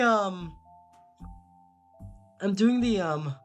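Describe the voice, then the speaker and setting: A man's voice: on the high side, moderate pace, soft background music. A young man streaming casually, reading quiz questions aloud and answering them in a rambling, flustered way, often stammering and repeating himself.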